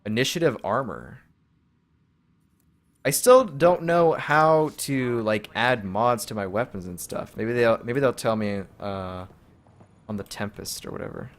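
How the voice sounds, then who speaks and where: A man's voice: mid-range voice, unhurried. A man casually commenting while playing a video game, reading menu items aloud half to himself in an offhand, wry way.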